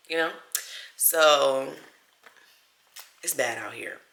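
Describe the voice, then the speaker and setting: Chatty young woman, bright and echoey. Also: extremely low pitch, unhurried, creaky, pauses often. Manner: chatty, animated, acts out quotes. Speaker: vlogger. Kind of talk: casual storytelling vlog. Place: home, small room. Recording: echoey room.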